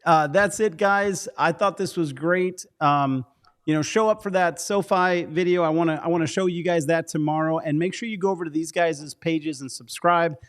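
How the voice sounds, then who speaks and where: A man's voice: fairly high pitch, normal speed. A man hosting a stock show, wrapping up in an upbeat, friendly way. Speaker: show host. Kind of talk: casual show sign-off.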